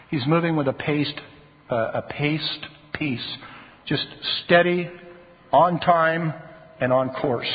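A man preaching a sermon as a pastor, earnest and pressing harder on key phrases. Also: medium pitch. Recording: tinny phone-like sound in a reverberant hall.

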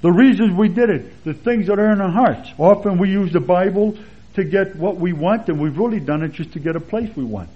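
A man giving a conversational expository sermon as a Bible teacher, relaxed and chatty, with anecdotes and chuckles along the way. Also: sits high, fairly quick, breathy edge. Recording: dull lo-fi sermon recording.

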